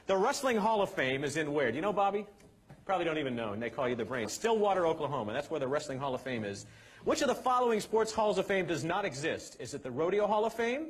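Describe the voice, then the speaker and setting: A man hosting a comic game show, energetic and teasing, shouting over the messy action. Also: fairly high pitch, quick pace, breathy edge.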